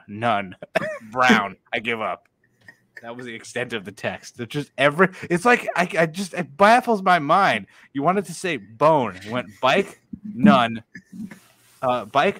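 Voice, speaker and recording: A man co-hosting a casual podcast chat, loud and quick to get worked up, breaking into laughter and swearing freely. His pitch sits in an ordinary middle range for a man. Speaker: podcast co-host.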